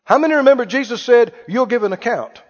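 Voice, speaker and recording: A man's voice: extremely high pitch, expressive, fast talker. A man preaching a sermon as pastor, talking conversationally and quizzing his congregation with questions. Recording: muffled, reverberant hall.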